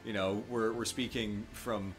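A man co-hosting a live game stream in casual chat, easygoing and quick to laugh, often hedging with ums. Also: lowish voice, steady tone, faint music behind. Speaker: co-host of a history gaming stream.

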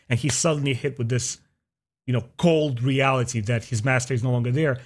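A man hosting a relaxed podcast conversation, his tone reflective and questioning. His voice sits at a middling pitch, and he tends to wind through long questions before passing the floor. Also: brisk. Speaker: podcast host. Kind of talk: casual podcast chat.

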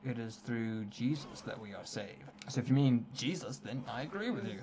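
A man's voice: medium pitch, animated, normal speed, few pauses, a little mellow, slight background noise, poor audio. A young man casually commentating a game stream, playful and teasing, with preachy asides. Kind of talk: casual let's-play commentary.

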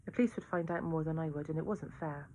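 A woman reads a children's novel aloud, her voice sitting low. Her delivery is steady and even, like a classroom storytelling session. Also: quick pace, slight background noise. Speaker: reader.

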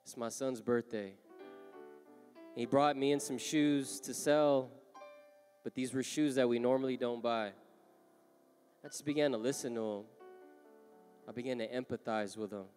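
A man with a Southern Californian accent preaches a sermon in a big church hall, his voice at an ordinary middle pitch. He shifts between quiet storytelling and rising, impassioned calls to the crowd. The long reverb of the hall trails every phrase, and soft instrumental music plays behind him. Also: steady tone, a little slow, long pauses. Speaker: pastor. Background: music playing.

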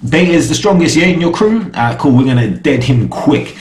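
A man's voice: on the high side, animated, a little fast. A young man giving a casual, slangy TV episode review, often asking "you get me?". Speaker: TV show reviewer. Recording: echoey room.

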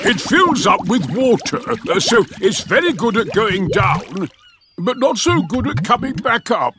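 A man's voice: high voice, unhurried, faint music behind. An actor voicing a jolly, boastful old male rabbit who mends boats in a cartoon. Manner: hearty, lively, sing-song. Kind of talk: cartoon voice acting.

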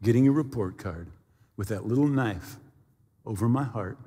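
A man's voice: on the low side, normal speed, warm tone, slightly rough. A middle-aged man preaching a sermon, telling a personal story with sound effects and acted quotes. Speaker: pastor. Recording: long hall reverb.

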